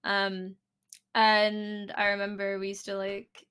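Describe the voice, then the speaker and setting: A woman's voice: mid-range voice, monotone, slow pace, fairly bright tone, smooth. A young woman, a singer, guesting on a stream and chatting casually with a rambling flow. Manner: rambling with many fillers and restarts. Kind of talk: casual chat.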